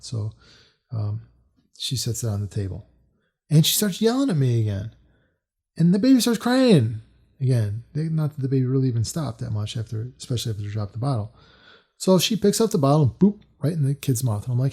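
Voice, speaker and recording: A middle-aged man recounts a personal story in a loose, rambling way, leaning on fillers and restarts. His voice is mellow and dark, with a middling pitch. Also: expressive, a little fast.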